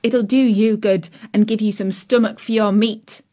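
A woman's voice: mid-range voice, steady tone, moderate pace, warm tone, lightly acted. A woman voicing a cheerful, chatty young serving girl, homely and outspoken.

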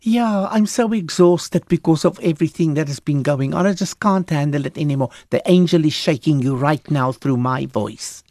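A woman's voice: low-pitched, normal speed, few pauses, mellow, dry recording, studio quality. A woman minister talking about faith in an earnest, emphatic way, often restarting her sentences as she preaches conversationally. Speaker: Christian minister, guest.

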